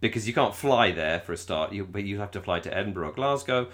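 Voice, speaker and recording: A British man with a fairly low voice chats casually as a podcast co-host. He talks haltingly and stumbles through restarts, repeating words as he works his way to a point. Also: animated, fairly bright tone. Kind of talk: casual chat.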